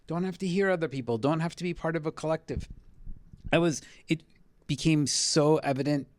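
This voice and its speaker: A man who works as a TV writer, a guest on a podcast in a living room, talking in a reflective, measured way. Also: on the high side, dry recording. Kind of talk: casual chat.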